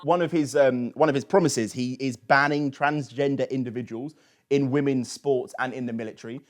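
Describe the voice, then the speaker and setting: A man's voice: medium pitch, fairly even intonation, moderate pace. A man hosting a political talk show, asking long questions with frequent restarts. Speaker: host.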